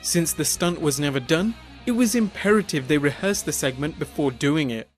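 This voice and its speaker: A man reading a scripted countdown narration in a measured, explanatory tone. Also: a little high, faint music behind. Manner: measured, reads numbered entries in an even explanatory tone.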